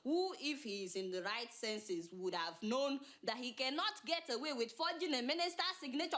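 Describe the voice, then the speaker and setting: A woman's voice: high-pitched, lively intonation, fairly quick, few pauses, fairly bright tone, a little hiss or hum. A woman hosting a satirical news show, chatty and sarcastic, bantering with her crew. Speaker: show host.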